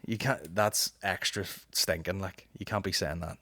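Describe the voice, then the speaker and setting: A man's voice: sits low, bright, forceful tone, no room sound, clean studio sound. A man with a Northern Irish accent hosting a casual podcast, rambling and swearing while answering listener questions. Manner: rambling, profane, with quick mocking impressions. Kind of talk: casual chat.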